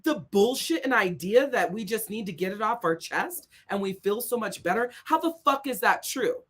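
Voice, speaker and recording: Speaking at an ordinary pace, this woman has a medium-pitched, expressive, slightly rough voice. She's a life coach giving a profane, blunt motivational talk, swearing heavily and driving her points in through repetition.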